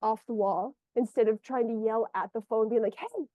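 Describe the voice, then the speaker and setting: Over a video call, a woman working as an energy healer guides a single client, rambling a bit and hunting for words as she goes. Her voice sits a little high, with fairly even intonation and a normal pace, and the muffled lo-fi audio has no echo.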